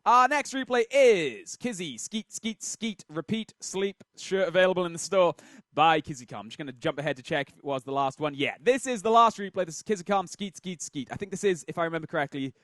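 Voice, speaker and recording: A man's voice: sits high, expressive, a little fast, a bit bright, dry recording. A man hosting a show, casually commenting on game replays and thinking aloud with fillers, close to a desk mic.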